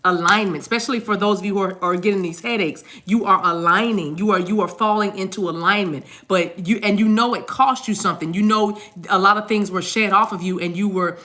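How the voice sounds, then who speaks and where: Bright-voiced chatty woman reader. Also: mid-range voice, steady tone, fairly quick, few pauses. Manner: chatty, rambling, repeats words, sings snatches of songs. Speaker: tarot card reader. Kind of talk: casual tarot reading monologue.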